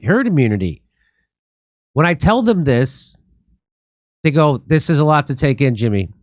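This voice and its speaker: A comedian hosts a political commentary talk show, his slightly high voice ranting with animation as he mimics his friends in mocking tones. The sound is dry and clean, studio quality.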